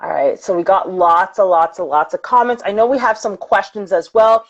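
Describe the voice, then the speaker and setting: A woman's voice: mid-range voice, steady tone, normal speed, highs cut off. A woman hosting a live-streamed interview, effusive and reading viewer comments aloud. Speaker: interview host.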